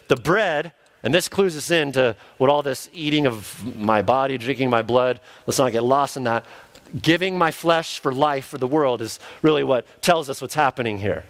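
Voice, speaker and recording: Man preaching an earnest sermon. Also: medium pitch. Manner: earnest preaching, acts out quoted voices. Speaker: pastor.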